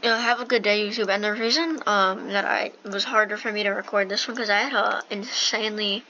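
A woman hosts a gameplay video with casual commentary, reading on-screen game text aloud and asking puzzled questions about what she sees. Her mid-range voice is steady, brisk, bright, and forceful. The recording uses a dull lo-fi mic with faint hiss.

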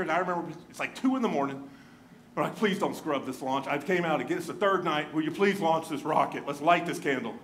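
A male pastor preaching a sermon in a church, telling stories with lively swings and dropping to a hushed near-whisper for emphasis. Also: high-pitched, a little hiss or hum. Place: church sanctuary.

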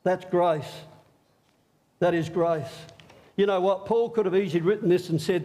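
A middle-aged pastor with a high voice delivers an Easter sermon in a church, joking around and drawing the congregation in. He keeps a moderate pace and pauses often, and his animated style has him talking with the crowd.

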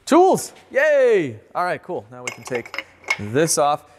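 A man hosting a car-repair video who explains his work casually and jokes between tasks, sometimes letting out excited whoops. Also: medium pitch, normal speed, slight background noise. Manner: upbeat and joking, with sudden excited whoops. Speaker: host and car mechanic. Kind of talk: casual repair vlog commentary. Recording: echoey garage reverb.

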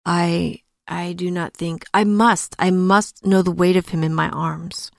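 A woman's voice: fairly low pitch, fairly even intonation, a little slow, gravelly, no echo, studio quality. A woman reading a tearful, grief-stricken young princess. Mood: pleading. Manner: tearful, pleading and despairing. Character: grieving young princess, broken-hearted wife.

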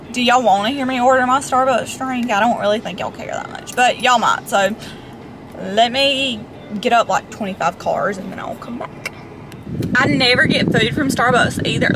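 A young woman vlogging from her car with a high, sparkly voice that sits well above the usual. She rambles in a chatty, self-deprecating way, full of fillers. Faint car hum sits behind her. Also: pushed and bright. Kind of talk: casual vlog chatter. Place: inside a parked car in a drive-thru line. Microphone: handheld camera close up.

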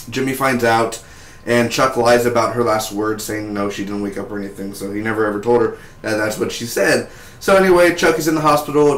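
A man giving a casual, excited spoiler review of a TV episode, chatty and tossing in "man" and "dude.". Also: medium pitch, reverberant, rough recording. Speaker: TV show reviewer.

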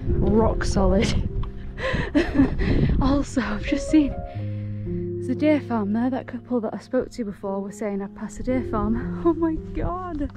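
A woman's voice: on the high side, moderate pace, few pauses, over loud music. A woman out of breath as she hikes, talking casually to camera in a giddy, gushing way with frequent laughter. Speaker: solo hiking vlogger. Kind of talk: casual talk to camera while walking. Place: outdoors on moorland trail.

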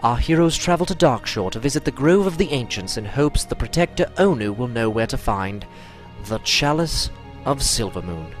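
A man's voice: mid-range voice, very animated, normal speed, soft background music. A man narrating a comedy fantasy podcast drama in a playful, mock-epic storytelling manner.

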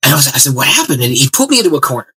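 A man tells a personal story with a lively, sweeping pitch and acts out each part of the dialogue. His voice is bright and a little husky. He speaks as an expressive interview guest. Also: racing, rough recording. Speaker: guest pastor.

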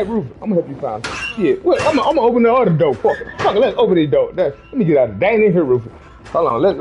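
A man chatting loudly through a video game, joking and swearing as he trash-talks his teammates. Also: high-pitched, highs cut off. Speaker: gamer. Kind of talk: casual gaming commentary.

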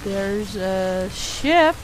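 Animated woman streamer over rain noise. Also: medium pitch, very slow. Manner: animated, chatty, yelps panicked repeated no's. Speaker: game streamer. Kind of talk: live gameplay commentary chatting with viewers. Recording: steady rain noise behind the voice.

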